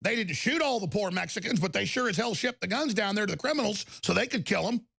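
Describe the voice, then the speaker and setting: A man hosting a talk show, delivering an angry, insulting rant that breaks into shouting. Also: high-pitched, animated, quick pace, vocal fry, slightly rough, dry recording, studio quality. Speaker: talk radio host. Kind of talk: ranting talk show monologue.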